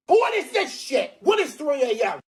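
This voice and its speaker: A man's voice: very high voice, sing-song, moderate pace. Ranting, profane man with Massachusetts accent. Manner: profane, loud, mocking outbursts. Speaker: ranting online video maker. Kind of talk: angry rant video.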